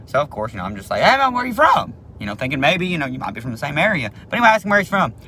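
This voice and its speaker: A man telling a personal story to camera in a casual, animated way, swearing freely and acting out what people said. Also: mid-range voice, racing, slight background noise. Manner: animated, swears casually, acts out quoted speech.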